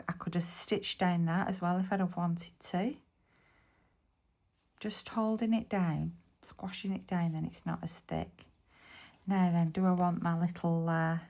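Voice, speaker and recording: A woman's voice: mid-range voice, a little mellow. A woman with a Bolton accent from Lancashire, chatting casually through a crafting tutorial and muttering half-whispered asides to herself as she works. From Bolton, England. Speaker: craft vlogger.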